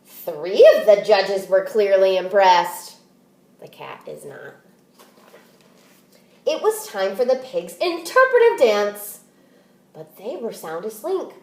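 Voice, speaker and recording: Slow, expressive teacher reading aloud. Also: female voice, mid-range voice, echoey room. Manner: expressive, deliberate read-aloud. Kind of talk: reading a picture book aloud.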